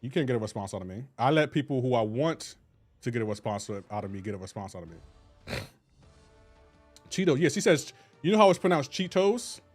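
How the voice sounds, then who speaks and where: A man's voice: medium pitch, very animated, brisk, long pauses, soft background music. A man in his thirties chatting casually with viewers during a live game stream, teasing and laughing often in slangy banter.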